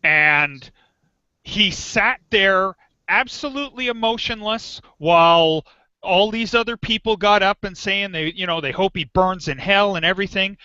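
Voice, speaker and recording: A man's voice: high voice, unhurried, sharp tone, clear, resonant tone, dry recording. A man on a casual group video call, telling a story earnestly and step by step. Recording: dry, muffled video call audio.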